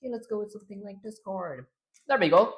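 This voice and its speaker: A young man talking casually on a live stream, rambling aloud and clearing his strained throat often. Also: sits high, lively intonation, fast talker, low-quality recording. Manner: rambling, self-commenting, frequent throat-clearing.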